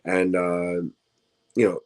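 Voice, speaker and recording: A man's voice: low voice, completely flat delivery, slow, clean tone. A man, a professional wrestler, chatting casually as an interview guest, tired and rambling with many restarts and fillers. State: tired, yawning.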